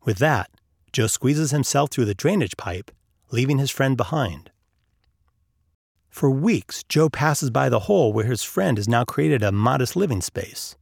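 A man's voice: medium pitch, expressive, a little slow, gravelly, husky, no echo, studio quality. A man narrating an audiobook chapter, telling a story and lifting his voice for the characters' lines. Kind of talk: audiobook narration with acted dialogue.

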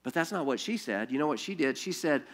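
This fast-talking pastor, a man with a voice on the high side, preaches animatedly through stories. Rhetorical questions and repeated restarts mark his sermon.

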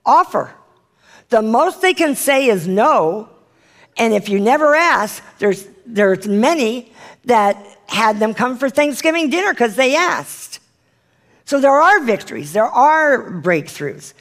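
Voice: mid-range voice, sing-song, slow. A Bible study leader reading scripture aloud and preaching, earnestly asking the listeners direct questions and now and then stumbling and correcting the reading.

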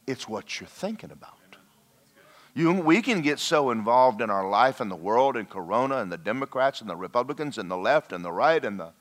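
A middle-aged man preaching a sermon, telling folksy stories and swinging between loud calls to the crowd and hushed, emotional passages. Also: medium pitch. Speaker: pastor.

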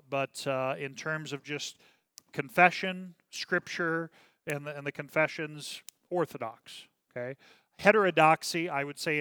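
Pastor leading a Bible class: a man with a bright, crisp voice, chatty and full of "okay?"s, recorded dry and close. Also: fairly high pitch, no room sound. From Minnesota. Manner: conversational, checks in with "okay?" often; many fillers and restarts, reads passages aloud.

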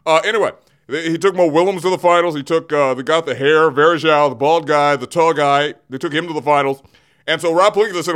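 On a studio mic in a radio studio, a man hosts a comedic sports segment as an in-character rant. His voice runs on the high side, quick and a bit bright, and he's theatrical, self-interrupting, and prone to giggles.

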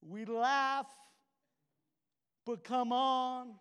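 A man preaching a sermon as a pastor, swinging from hushed tones to shouting. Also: extremely high pitch, fairly even intonation, very slow, clean tone. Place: church hall. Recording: echoey hall with faint music.

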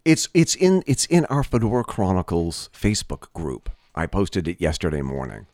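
A man co-hosting a podcast in casual chat, animated and tripping over restarts when excited. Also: low-pitched, normal speed, no echo, clean studio sound. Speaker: podcast co-host.

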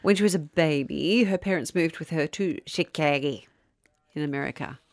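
A chatty woman hosts a casual true crime chat, wandering off track and laughing at herself. Her voice sits on the low side. The sound is close and completely dry. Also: normal speed, no echo. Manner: chatty, rambling, loses her place, often laughs. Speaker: podcast co-host telling a true crime story.

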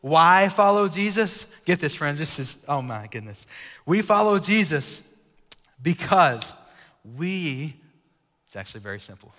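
Animated young preacher in echoing hall. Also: male voice, fairly high pitch, measured pace. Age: late 20s. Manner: animated and jokey, swinging from loud exclaiming to hushed asides. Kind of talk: energetic youth-style sermon. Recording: long reverb of a large hall.

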